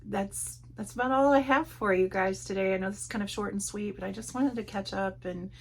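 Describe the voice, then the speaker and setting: A woman's voice: medium pitch, a little fast, slightly rough. A middle-aged woman hosting a book channel, chatting casually from home in a meandering way, full of fillers and restarts. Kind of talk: casual catch-up chat.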